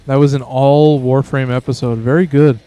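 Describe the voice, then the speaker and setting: Male streamer, laid-back game commentary, smooth voice, dry close mic. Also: mid-range voice, level tone, normal speed, dark tone, no room sound. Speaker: streamer host. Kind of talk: gameplay commentary.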